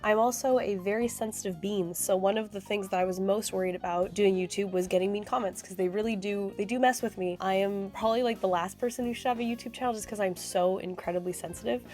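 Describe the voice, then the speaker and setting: A young woman, sick with a raspy voice, chatting effusively in a casual Q and A vlog into her phone, which she uses as a mic. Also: medium pitch, steady tone, quick pace, hardly any pauses, a little mellow, soft background music. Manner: chatty and effusive, many fillers. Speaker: cosplay YouTuber. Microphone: phone used as microphone, held close.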